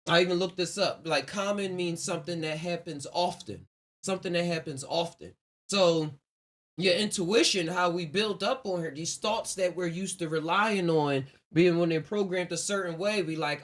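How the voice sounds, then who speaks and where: A man's voice: high voice, moderate pace, a bit bright. A man hosting his own podcast live, talking casually in a loose, rambling, reflective way with frequent laughs. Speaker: podcast host. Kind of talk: casual solo livestream podcast talk.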